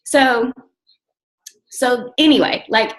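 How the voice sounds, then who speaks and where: Young woman team coach, casual and blunt, excitable, swears freely. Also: on the high side, slow, low-quality recording. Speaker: team coach leading a call. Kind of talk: casual motivational team call.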